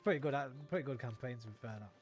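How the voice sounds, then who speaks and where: A man's voice: mid-range voice, very fast, a little mellow, faint music behind. A young man rants and swears casually while streaming a game. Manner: sweary, ranting. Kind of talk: casual gameplay chat.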